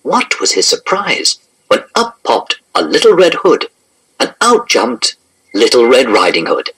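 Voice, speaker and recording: Man narrating with a very lively voice. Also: mid-range voice, unhurried, breathy edge, poor audio. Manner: expressive, animated read-aloud. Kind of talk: scripted storybook narration.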